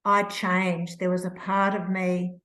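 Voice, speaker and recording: Slow-spoken older New woman. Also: on the low side, level tone, fairly bright tone, rough recording. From New Zealand. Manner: slow, reflective, emotional retelling with restarts. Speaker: author, interview guest. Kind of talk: personal storytelling.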